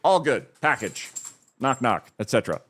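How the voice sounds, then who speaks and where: A man streaming from home, retelling a film with excitement, restarting sentences and leaping up in pitch at the dramatic moments. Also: moderate pace, husky. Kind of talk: animated storytelling while gaming.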